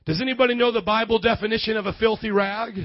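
High-pitched pastor guy preaching hard, shouts then drops quiet, kinda dull dry audio. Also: quick pace, dry recording. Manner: energetic, swings from shouting to hushed. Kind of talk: sermon. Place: church.

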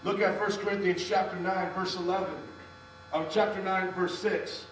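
High-voiced preacher in an echoey hall. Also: male voice, flat delivery, moderate pace, a bit bright. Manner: storytelling preacher, calls on the congregation to respond. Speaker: pastor. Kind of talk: sermon. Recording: echoey hall from far off, mains hum.

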